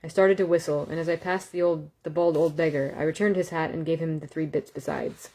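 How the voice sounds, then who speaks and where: A woman reading a novel aloud in a calm, steady way, with small self-corrections and asides. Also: sits low, brisk, slight background noise. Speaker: audiobook reader.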